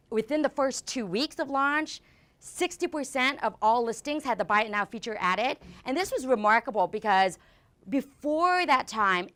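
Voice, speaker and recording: A woman in her forties giving a live conference talk, talking fast with lots of fillers and restarts. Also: medium pitch, a bit bright, smooth. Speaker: conference speaker. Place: conference venue before an audience.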